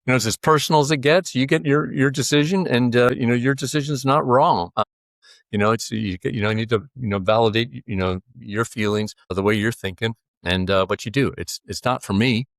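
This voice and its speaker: A man's voice: medium pitch, brisk, no echo, studio quality. A man talking as a podcast guest, reflective and determined, with many "you know" fillers. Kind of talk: casual interview conversation.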